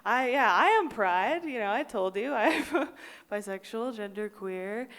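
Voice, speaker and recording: A young adult woman performing a stand-up comedy set on a live stage, excitable, often laughing and bursting into loud outbursts. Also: on the high side, measured pace, big-room sound.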